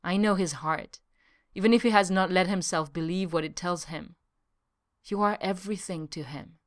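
A woman's voice: lowish voice, moderate pace, natural voice. A woman voicing a frank, caring young woman. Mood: fierce.

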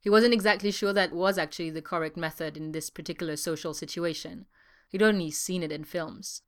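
A woman reading a story aloud in an even, measured way. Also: on the low side. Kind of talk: audiobook narration.

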